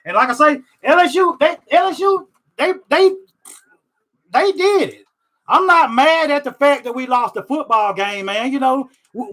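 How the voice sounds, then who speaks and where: A man's voice: very high-pitched, pushed and bright, rough recording. A man ranting live on stream, rambling and repeating himself, swearing often, frustrated but accepting. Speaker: sports fan vlogger. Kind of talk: live stream reaction rant.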